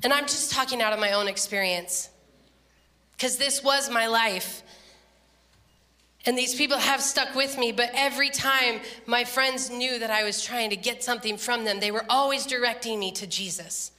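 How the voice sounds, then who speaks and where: A woman preaching a sermon, telling a story with lively, laughing quotes. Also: on the high side, moderate pace, long reverb tail. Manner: animated storytelling, laughing, voice jumps up when quoting. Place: church.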